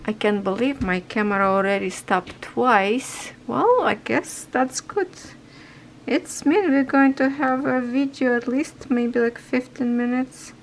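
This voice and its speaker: Her voice fairly high and a little slow, a woman talks casually while stitching, her non-native English broken and rambling, her nose slightly stuffy. She is a cross-stitch vlogger, and the low-quality recording carries some faint background noise.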